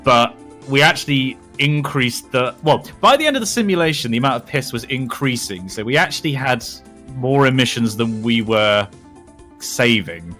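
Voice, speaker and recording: A man joining a casual game session, enthusiastically explaining something nerdy to his friends. His voice is bright and forceful, at an average pitch. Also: lively intonation, moderate pace, faint music behind. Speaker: guest. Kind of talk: casual multiplayer gaming chat.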